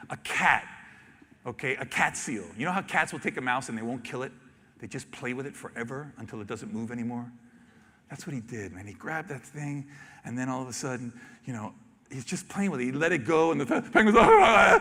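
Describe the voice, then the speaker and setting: A man, a wildlife photographer, telling stories animatedly on stage and acting out reactions with sudden loud exclamations. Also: mid-range voice, gravelly, slightly rough. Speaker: wildlife photographer giving a talk. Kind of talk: animated storytelling presentation. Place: large expo hall stage. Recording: reverberant hall.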